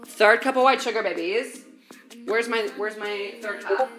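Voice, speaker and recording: A woman's voice: mid-range voice, unhurried, a bit bright, soft background music. A young woman streaming while she bakes, chatting in slangy, profane valley-girl talk straight to her viewers from a home kitchen. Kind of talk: casual baking livestream chat.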